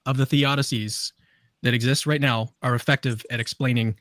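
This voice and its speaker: A man's voice: mid-range voice, steady tone, normal speed, fairly bright tone, no echo, clean studio sound. A man on a reaction panel talking casually and cracking jokes.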